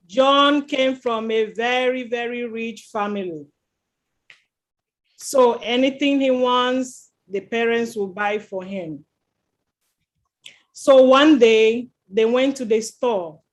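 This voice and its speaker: A woman tells a story to children at chapel. She keeps the telling lively and stops again and again to ask the children what comes next. The feel is warm and friendly, like a storyteller talking with her young listeners. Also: fairly high pitch. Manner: lively, quizzes the children with questions.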